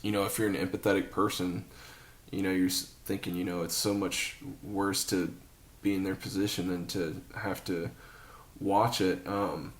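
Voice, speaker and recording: A man hosting a podcast, chatting in a relaxed, casual way with frequent fillers. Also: low voice, moderate pace. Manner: relaxed, friendly filler words like "dude" and "you know". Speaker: podcast host. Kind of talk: casual conversation.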